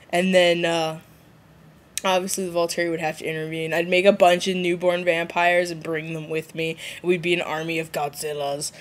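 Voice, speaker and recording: A woman vlogging casually, rambling and giggly, with sudden high jumps when she mimics others. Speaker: vlogger answering a viewer challenge. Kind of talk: casual rambling vlog chat.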